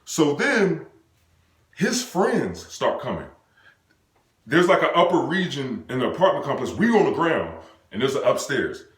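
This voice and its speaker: A young man from the United States telling a personal story in an animated, slangy way, acting out what people said with sound effects. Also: a little high, unhurried, pauses often. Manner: excitable, acts out quotes and sound effects, slangy and profane. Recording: roomy echo.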